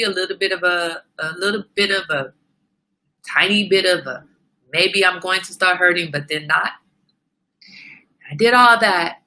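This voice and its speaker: Middle-aged female host, candid and preachy monologue, bright tone with some fry. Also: fairly low pitch. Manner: candid, preachy, animated self-talk. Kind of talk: casual motivational monologue.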